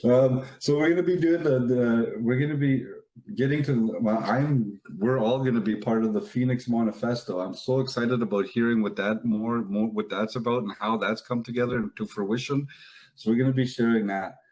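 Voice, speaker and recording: A man's voice: medium pitch, steady tone, moderate pace, darkish tone, rough recording. A man hosting an online event, earnest and effusive, a little flustered and often restarting his sentences. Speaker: event host. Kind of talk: emotional live event hosting.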